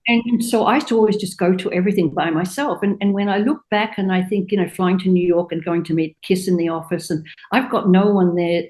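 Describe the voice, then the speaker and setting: An older woman, a fashion designer, telling anecdotes in an interview and acting out quotes in a higher voice. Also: brisk, few pauses, rough recording. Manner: animated anecdotes, acts out quotes in a high voice. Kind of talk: storytelling interview chat.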